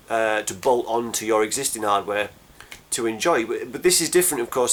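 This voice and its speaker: Grumbling, hesitant man rambling about games. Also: mid-range voice. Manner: hesitant, grumbling, many ums and restarts; says his accent drifts after a decade abroad. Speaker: gaming video maker. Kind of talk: casual rambling commentary.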